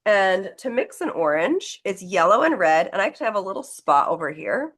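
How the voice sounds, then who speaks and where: A woman's voice: medium pitch, sing-song, brisk, a bit bright, breathy edge. A woman leading a live online painting class, talking through each step in a chatty, encouraging way as she demonstrates. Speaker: painting instructor.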